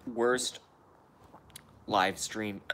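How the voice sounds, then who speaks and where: A man's voice: fairly low pitch, fairly even intonation, extremely slow, fairly bright tone, a little hiss or hum. A man casually chatting on a live stream, grumbling and cursing at himself. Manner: profane, self-deprecating grumbling. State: hiccups.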